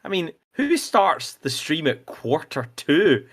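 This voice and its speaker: A man's voice: on the high side, big pitch swings, takes it slowly, few pauses, fairly bright tone, breathy edge. A man with a Scottish accent, a joking, teasing guest in a casual livestream chat.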